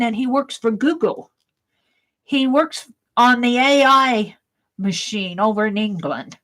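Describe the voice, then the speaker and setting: A woman's voice: a little high, low-quality recording. Chatty woman hosting an art livestream. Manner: chatty and rambling, warm toward viewers, frequent giggles. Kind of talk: casual livestream chat and storytelling while crafting.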